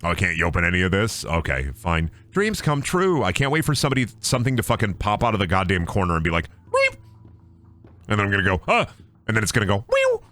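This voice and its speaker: Goofy swearing streamer guy, voice jumps all over, bright and punchy. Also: low voice, lively intonation, racing. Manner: jokey, profane, breaks into silly sing-song voices. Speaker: gaming streamer. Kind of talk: casual live-stream chat over gameplay.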